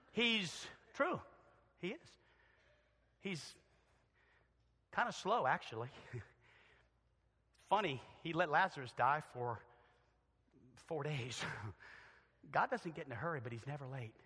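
A male pastor preaching a sermon and altar call in a church, swinging from loud acted quotes to quiet earnest appeals. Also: a little high, breathy edge. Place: church sanctuary. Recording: long church hall reverb.

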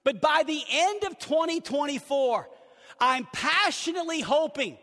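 A pastor preaching with a notably high, ringing voice. He hammers home his points through repetition. The sound carries a long reverb from a large church hall. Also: lively intonation, measured pace, pushed and bright. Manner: emphatic, repeating key phrases. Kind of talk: sermon. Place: church sanctuary.

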